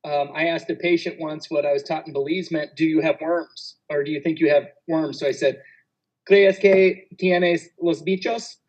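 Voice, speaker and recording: A male physician on a conference panel, telling travel anecdotes with frequent laughter and quick asides. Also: on the high side, level tone, a little mellow, lo-fi sound.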